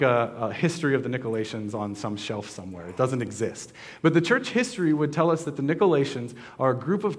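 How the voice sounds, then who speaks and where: Pastor, male, slightly high voice, relaxed conversational sermon delivery, lots of ums and self-corrections, quizzes the congregation. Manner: casual, conversational preaching with many fillers and restarts; asks the congregation questions.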